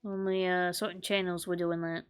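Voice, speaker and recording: A woman's voice: fairly low pitch, level tone, normal speed, clear, resonant tone, soft background music. Chatty woman gamer, teasing and sweary. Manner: chatty, swears freely, teasing and self-mocking. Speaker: gaming channel host. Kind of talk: casual let's play commentary.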